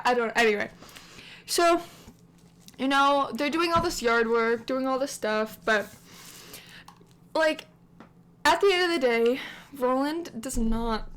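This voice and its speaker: A woman's voice: a little high, fairly bright tone. A woman hosting a game channel, narrating her life-sim story in a rambling, chatty way with lots of filler words. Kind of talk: casual let's-play commentary.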